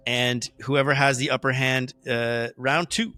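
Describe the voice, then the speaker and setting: A man explaining rules and narrating as game master, relaxed and hesitant with many fillers. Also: mid-range voice, unhurried, faint music behind.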